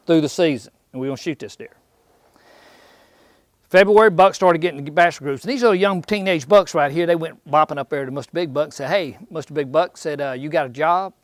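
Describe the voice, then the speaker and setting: A slightly high-voiced man with a drawl holds forth at a seminar in a shop. He spins folksy, joking stories, drops into slangy voices and keeps asking his crowd questions. The sound is dry and close, with little room in it. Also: dry recording. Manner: folksy, jokey storyteller, acts out bucks in slang, quizzes the audience. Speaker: seminar speaker on deer hunting. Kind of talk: live seminar talk to a small crowd. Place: indoor outdoor shop.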